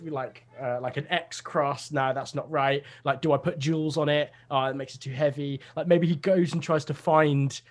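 A man's voice: fairly high pitch, fairly even intonation, normal speed, few pauses. A young man chatting casually over a video call, rambling through a comedy idea with lots of fillers.

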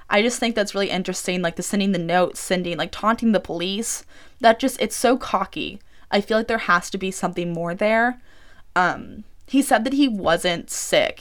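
A young woman around twenty talks on her own podcast in a loose, rambling way. She fills her sentences with "like" and keeps the tone casual. Her voice sits at an ordinary middle pitch. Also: a bit bright. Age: about 20. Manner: chatty, rambling, heavy use of "like". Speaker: podcast host. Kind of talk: casual solo podcast chat. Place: small room she records in.

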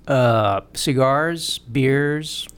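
A man co-hosting a casual sports podcast, animated and laughing, swearing freely and stumbling through restarts. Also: medium pitch, extremely slow, clear, resonant tone. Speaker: podcast co-host.

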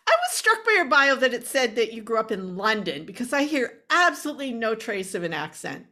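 A woman interview host with a bright, sharp voice. She gushes with enthusiasm and laughs often as she asks her questions. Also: a little high, big pitch swings, brisk. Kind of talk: casual interview chat.

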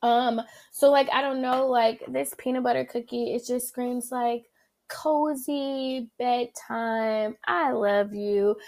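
A woman with a Southern accent hosting a casual solo food-review podcast, chatty and full of "like" and "um," humming as she tastes. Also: fairly high pitch. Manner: chatty, many fillers and likes; animated, savoring with hums. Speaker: podcast host.

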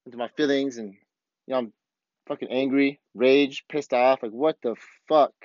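On his own podcast, a man rants bluntly and heatedly through a casual, profanity-filled monologue. His mid-range voice is a little mellow, with fairly even intonation and a moderate pace, and the recording is dry and lo-fi.

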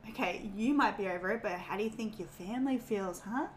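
A woman's voice: medium pitch, brisk, a little hiss or hum, natural voice. Sly villain lion, as a woman puts him on. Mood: taunting. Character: scheming male lion villain, sly and taunting. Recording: echoey room.

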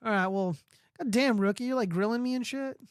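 A man's voice: very high voice, a little fast, smooth, no room sound, clean studio sound. A man hosting a livestream, ranting casually and profanely while answering chat. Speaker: livestream host.

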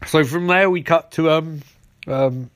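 A man hosting a show, rambling through a casual, sarcastic episode recap with quick asides. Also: on the high side.

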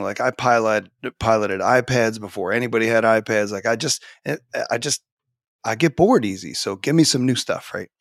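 Speaking from a home office as a podcast guest, this forties-aged teacher and author chats animatedly in a casual interview, often using fillers and restarting sentences. He has a lowish voice with vocal fry and a fairly bright tone, recorded cleanly in studio quality without room sound.

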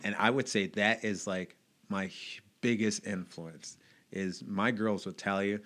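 A man in his late thirties talks as a podcast guest, open and reflective. His voice sits a little low but comes across bright and forward. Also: fairly even intonation, unhurried. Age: late 30s. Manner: open and reflective, laughs often. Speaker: podcast guest, evangelist and motivational speaker. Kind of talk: casual chat.

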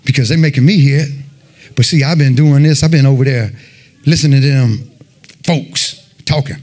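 A man giving a fervent sermon and personal testimony, telling his story in an animated way and peppering it with "man.". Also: mid-range voice, normal speed. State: sweating, winded after worship. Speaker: lay preacher giving testimony.

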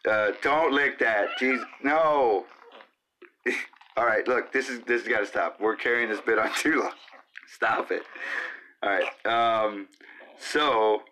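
A man's voice: fairly low pitch, measured pace, long pauses, sharp tone. A man hosting his own podcast alone, rambling casually with lots of fillers and talking to his cat in between. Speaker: podcast host. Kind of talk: casual solo podcast chat.

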